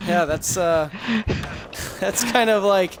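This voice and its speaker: A man's voice: high-pitched, slow, a crowd in the background. A young man chatting casually while streaming a game, telling a rambling story with frequent laughs and swearing. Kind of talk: casual gaming chat.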